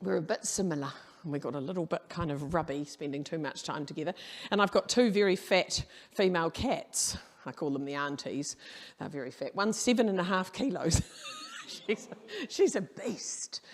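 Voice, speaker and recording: A woman's voice: lowish voice, animated, normal speed. A middle-aged woman giving a humorous keynote talk, brash and storytelling, swearing casually. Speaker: keynote speaker. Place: conference hall.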